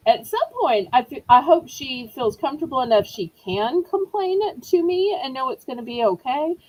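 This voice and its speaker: A woman's voice: high-pitched, expressive, normal speed, darkish tone, rough recording. A middle-aged woman hosting a live online auction, chatting in a rambling, apologetic way. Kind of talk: live-stream selling chat.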